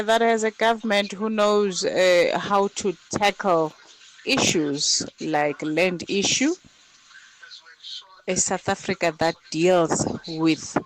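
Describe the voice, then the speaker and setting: A caller to a radio show slowly listing what he wants from his country. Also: fairly high pitch, a bit bright, slight background noise, low-quality recording. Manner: slow, deliberate listing. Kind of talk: call-in wish list.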